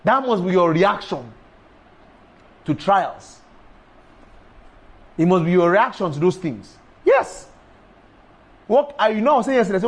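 A man preaching a sermon, emphatic and repetitive, breaking into sudden high exclamations. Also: very animated, a little slow, creaky, long pauses, slightly rough.

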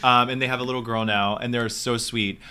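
A man chatting casually, telling an animated backstage story and acting out the quotes. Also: medium pitch, fairly quick, very noisy. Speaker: Broadway performer.

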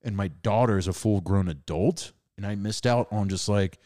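A man co-hosting a casual podcast, talking in an animated, swearing way with lots of laughter, a little tipsy on wine. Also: lowish voice, moderate pace. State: drinking wine. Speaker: podcast co-host.

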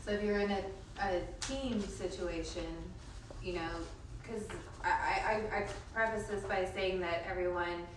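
A woman's voice: mid-range voice, distant mic. Woman chiming in from the audience, stop-start delivery, off-mic in a big echoey room with audible noise. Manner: halting, restarts, animated. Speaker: workshop participant. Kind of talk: casual group discussion.

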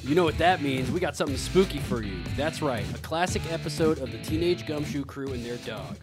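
A man's voice: a little high, lively intonation, fairly quick, over music, close to an everyday voice. A man playing an upbeat host of a kids' cartoon block, with a hammy announcer delivery. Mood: peppy.

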